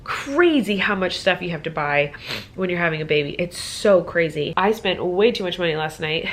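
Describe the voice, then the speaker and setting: A woman's voice: on the low side, animated, normal speed, a bit bright. A woman in her twenties in casual vlog chat from her home office, chatty and full of "like". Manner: chatty, filler-heavy with lots of "like". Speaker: vlogger.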